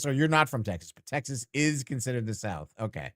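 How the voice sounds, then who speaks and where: A man's voice: mid-range voice, expressive, fairly quick, a bit bright, dry recording, studio quality. A man streamer chatting casually and teasingly with his chat while playing a game, rambling and joking.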